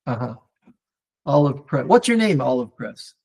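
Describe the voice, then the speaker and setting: A man teaching an online Torah class, talking in a lively, digressive way with many restarts and fillers and mixing in Hebrew terms. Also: mid-range voice, moderate pace, slightly rough. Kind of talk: animated live online lecture answering viewer comments.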